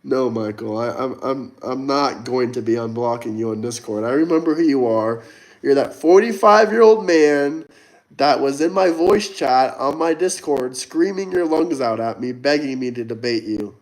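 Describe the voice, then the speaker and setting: Speaking at a moderate pace in a mid-range voice, this young American livestream host reads through chat. He answers viewers in a mocking, argumentative and blunt manner during his casual stream.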